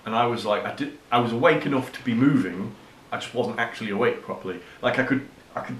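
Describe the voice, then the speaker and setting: A man's voice: mid-range voice, fast, fairly bright tone, echoey room, slight background noise. A young man from Cheshire chatting on a vlog, rambling through an anecdote and laughing as he goes. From Cheshire, England. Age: young adult. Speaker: vlogger. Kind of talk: casual chat.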